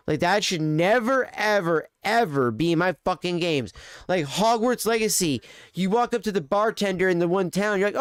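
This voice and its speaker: A man's voice: high voice, moderate pace, clear, resonant tone, no room sound, clean studio sound. A man streaming live, ranting in casual, profane, rambling chat.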